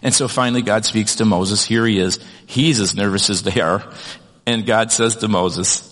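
A man's voice: lowish voice, moderate pace, a bit bright, big-room sound. A man delivering a sermon as pastor, talking in a conversational way with frequent restarts and reading scripture aloud. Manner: conversational preaching with many restarts and "kind of".

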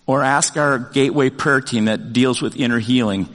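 An older man preaching a sermon as pastor, talking in a conversational, animated way with many fillers and restarts. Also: medium pitch, moderate pace, in a large hall.

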